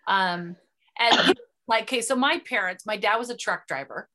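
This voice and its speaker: American woman podcast host; animated storyteller, bright forward tone. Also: mid-range voice, moderate pace. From United States. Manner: animated storyteller, does voices in anecdotes. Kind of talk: casual conversation.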